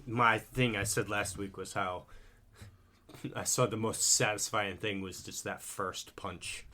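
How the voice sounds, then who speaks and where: A man co-hosting a podcast in casual chat, relaxed and loose, swearing now and then. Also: lowish voice, measured pace. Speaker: podcast co-host.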